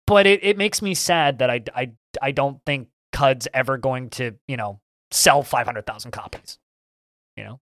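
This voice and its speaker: A man co-hosts a podcast about video games, speaking casually and enthusiastically in a ramble marked by stammered restarts. His pitch is medium, his pace moderate, and his tone fairly bright, in a studio-quality recording with no room sound.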